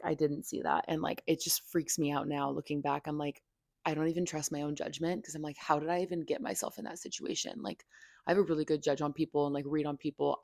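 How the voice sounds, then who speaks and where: A woman's voice: sits low, gravelly, a little mellow, no echo, studio quality. A young woman hosting a podcast, venting candidly in casual talk full of "like" and swearing. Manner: venting, heavy "like" filler, frequent swearing. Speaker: podcast host.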